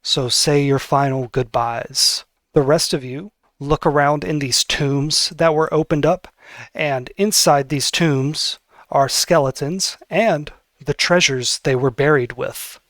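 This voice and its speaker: A man's voice: on the high side, takes it slowly, a bit bright, dry recording, studio quality. A man narrating as game master, easygoing and conversational.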